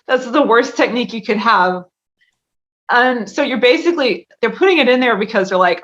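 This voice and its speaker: A woman's voice: fairly high pitch, lively intonation, normal speed, pauses often, a bit bright. Chatty laughing woman, lo-fi audio. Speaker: interview guest. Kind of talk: casual interview talk. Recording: dull lo-fi audio.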